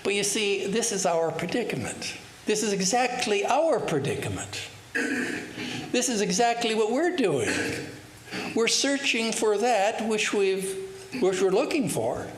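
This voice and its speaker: A monk delivers a sermon, slowly spinning out parables and posing rhetorical questions to his listeners. His voice sits a bit high for a man. The recording is roomy, with a faint hiss beneath it. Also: lively intonation. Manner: unhurried, rhetorical questions, storytelling. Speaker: swami giving a talk. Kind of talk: sermon with storytelling.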